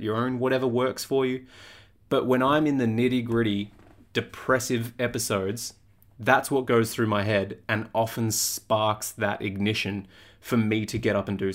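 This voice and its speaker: Young guy doing a podcast, blunt and sweary, average-pitched voice, just chatting. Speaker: podcast host and fitness coach. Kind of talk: casual podcast monologue.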